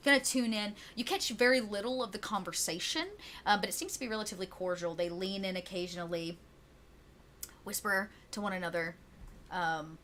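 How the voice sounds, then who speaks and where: Woman running a tabletop game, chatty storyteller, bright tone. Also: mid-range voice, slight background noise. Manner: chatty, laughs often, many fillers. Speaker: game master.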